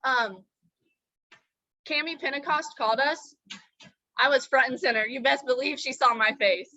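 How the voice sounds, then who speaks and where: A young woman co-hosting a casual chat, excitable and rambling, fangirling. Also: high voice, moderate pace, no room sound, dull audio. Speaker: co-host.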